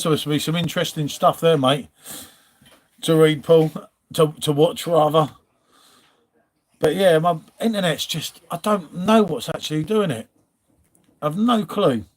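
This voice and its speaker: A middle-aged man, hosting a live stream in casual chat and greeting viewers by name. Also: a little high. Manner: chatty, reads viewer names, trails off and restarts.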